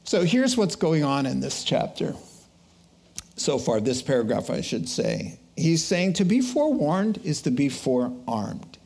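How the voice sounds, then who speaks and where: Middle-aged male preacher, slow deliberate pace, lively anecdotal sermon style. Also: a little high, creaky. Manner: animated storytelling with laughter, slow deliberate delivery. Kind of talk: sermon with personal stories.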